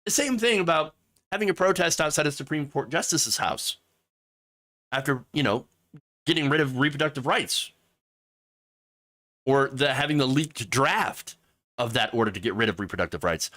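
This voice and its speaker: A man's voice: mid-range voice, moderate pace, pauses often, fairly bright tone. A man hosting sarcastic political commentary, mocking and mimicking the people he talks about. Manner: mocking, with exaggerated mimicking voices.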